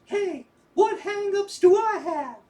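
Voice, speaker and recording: A woman's voice: very high voice, animated, slow pace, mellow, full character voice. A woman playing a blunt, teasing friend. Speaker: friend in an audio drama. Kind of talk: audio drama acting.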